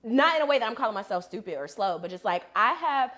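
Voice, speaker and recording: A woman co-hosting a podcast, telling stories in casual chat with animated delivery. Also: on the high side, fast talker. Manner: animated storytelling with bursts of laughter. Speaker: podcast co-host.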